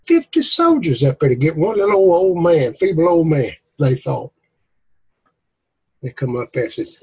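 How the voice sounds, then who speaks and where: A man, leading a group discussion and telling folksy, animated Bible stories. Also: fairly high pitch, normal speed, breathy edge, poor audio. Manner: animated, drawling, acts out stories. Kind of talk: folksy preaching and storytelling.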